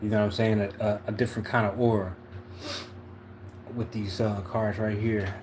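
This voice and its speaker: A man's voice: fairly low pitch, level tone, moderate pace, background noise. A man from Philadelphia hosting a casual livestream tarot reading, laid-back and slangy, often checking in with "you know what I'm saying". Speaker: tarot reader, livestream host.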